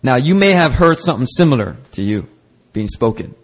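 A man's voice: medium pitch, sing-song, brisk, breathy edge. A man preaching a sermon at a church service, reading scripture aloud and acting out nagging voices. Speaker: pastor.

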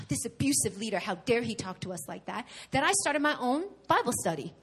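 Animated woman preaching a testimony. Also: fairly high pitch, a little fast. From New York. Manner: candid, animated storytelling with emphatic repetition. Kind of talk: sermon with personal testimony. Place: church service.

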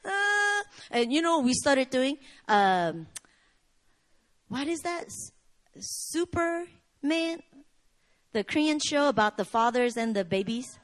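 A woman in her thirties delivers a sermon with a high voice. Her pitch moves widely from phrase to phrase. She swings between emphatic, near-shouted lines and quiet, low asides. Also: sing-song, slow pace, long pauses. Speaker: pastor.

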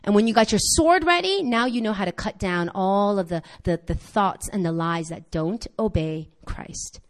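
A woman preaching a sermon to her congregation, impassioned and rising to near-shouts on key points, firing quick questions at the listeners. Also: medium pitch, animated.

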